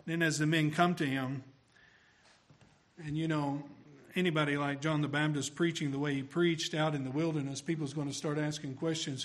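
Emphatic man preaching a sermon. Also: a little high. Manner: emphatic, swells louder on key phrases.

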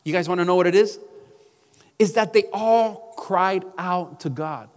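A man's voice: sits high, unhurried, long reverb tail. A male pastor preaching a sermon emphatically, calling out to his congregation.

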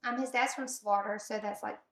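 A woman's voice: mid-range voice, a little fast, vocal fry, reverberant. A woman, chatting and telling stories about her life. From Southern United States. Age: 30s. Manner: chatty, animated storyteller. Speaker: guest. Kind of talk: casual chat.

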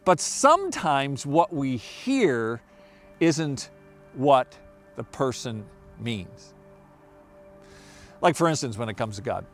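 A man preaching a sermon as a pastor, telling a story with emphatic, animated delivery. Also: mid-range voice.

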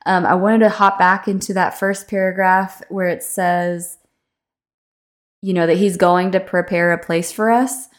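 A young adult woman hosting a devotional podcast, chatting casually with many fillers and slowing down to read scripture aloud. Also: fairly low pitch, steady tone. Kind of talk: casual devotional reading and reflection.

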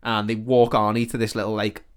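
A man's voice: on the low side, level tone, a little fast, clear, resonant tone. A man co-hosting a comedy podcast, casually retelling a film plot with swearing and frequent laughter. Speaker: podcast co-host.

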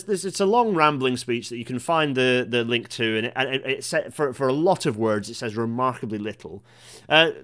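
A man at a desk mic, chatting casually about railways to his stream. His voice sits at a middling pitch, and he talks in a rambling way, full of false starts and asides. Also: fairly bright tone. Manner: waffling, self-interrupting, with many fillers and restarts. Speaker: host of a rail chat stream.

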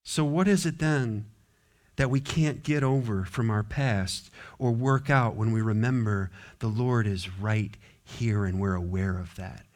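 A man's voice: lowish voice, unhurried, darkish tone. A man preaching a sermon as pastor, conversational, often acting out quotes and little scenes.

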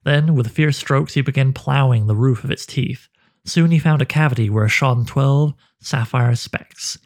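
A man narrating a dark fantasy story with a measured, dramatic delivery. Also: mid-range voice.

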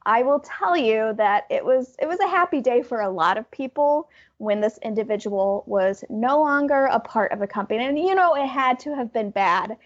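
A woman with a high voice tells a story on her podcast in a lively, chatty way, often laughing. The audio is a bit dull and muffled. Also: normal speed. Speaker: podcast co-host. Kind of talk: casual storytelling chat.

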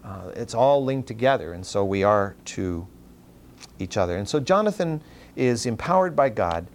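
A man preaching a sermon, animated, often climbing high in pitch for emphasis and repeating words as he restarts phrases. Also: normal speed, slight background noise. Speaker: pastor.

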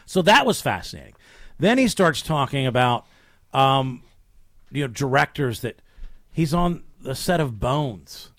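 A man's voice: mid-range voice, measured pace, no echo, clean studio sound. A man co-hosting a podcast, retelling a behind-the-scenes story in casual chat and acting out the quotes. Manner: animated retelling with acted-out quotes. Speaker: podcast co-host.

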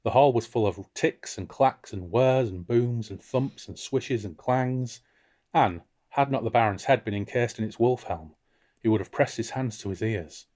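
With a mid-range voice at normal speed, this podcast co-host reads from a novel and talks it over casually. His reading is expressive, and his voice rises for quoted characters.

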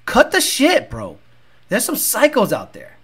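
A man's voice: extremely high pitch, wildly swooping pitch, unhurried, a bit bright, husky. A man hosting a talk show, ranting in a blunt, profane and combative way. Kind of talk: casual rant.

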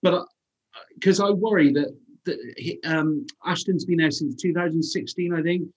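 A man's voice: on the high side, moderate pace, breathy edge, highs cut off. A man giving thoughtful opinions on football in casual chat, with frequent ums. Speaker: football show pundit.

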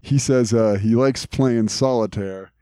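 A man's voice: medium pitch, measured pace, mellow, clean tone, no room sound. Dry-sounding man recapping with laughs. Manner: laughs often, recounts scenes with quoted lines. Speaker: podcast co-host. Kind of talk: casual chat recapping a cartoon.

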